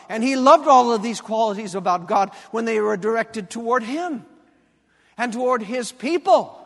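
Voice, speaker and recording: A male pastor with a notably high voice preaches with animated, emphatic delivery, hammering his points through repetition. A long hall reverb trails each phrase. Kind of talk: sermon.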